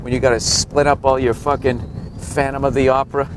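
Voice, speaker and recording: A man's voice: medium pitch, level tone, brisk. 40s guy ranting from a cab, swearing a lot, kinda sick, light street noise. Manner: profane, sarcastic ranting. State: slightly sick, clearing his throat. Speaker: stand-up comedian. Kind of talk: ranting tour commentary from a cab. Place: back seat of a cab in city traffic. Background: faint traffic noise.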